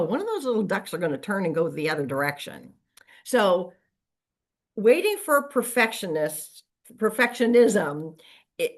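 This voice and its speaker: A middle-aged woman coaching real estate agents in a casual motivational talk, acting out quoted lines as she goes. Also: medium pitch. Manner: lively, conversational, acts out quoted lines.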